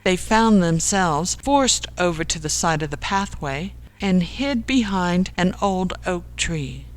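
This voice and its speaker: A slow, measured storyteller reads a comic novel aloud. The delivery is unhurried and steady, at a middling pitch, with each phrase given room. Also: no room sound. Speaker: audiobook narrator. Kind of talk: scripted narration.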